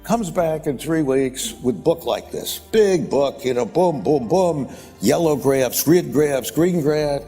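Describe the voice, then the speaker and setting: Older man, mellow voice, rambling blunt anecdote, long hall reverb, faint music. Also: lively intonation, takes it slowly, breathy edge. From United States. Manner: rambling, blunt and profane, with repeated "boom, boom, boom". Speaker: investor speaking at a conference. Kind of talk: anecdotal storytelling. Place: conference stage.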